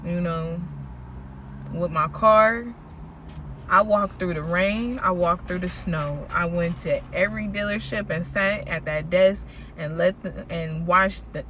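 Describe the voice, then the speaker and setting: Woman, slow unhurried delivery, casual faith vlog, slangy storytelling, faint background hiss. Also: lowish voice. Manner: animated storytelling, acts out quoted people, slangy. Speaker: faith vlogger.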